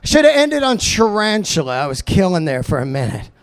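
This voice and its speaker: A man doing a loud, profane stand-up set, ranting. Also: sits high, sing-song, brisk. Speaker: stand-up comedian.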